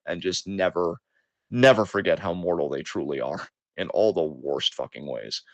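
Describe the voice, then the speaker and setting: A man co-hosting a podcast, talking in a fairly low voice. He rants with passion and heavy swearing, mixing anger with self-deprecation. The sound is dry and close, with no room echo. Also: moderate pace, lo-fi sound. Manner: impassioned, profane ranting. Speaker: podcast co-host. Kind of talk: casual podcast monologue.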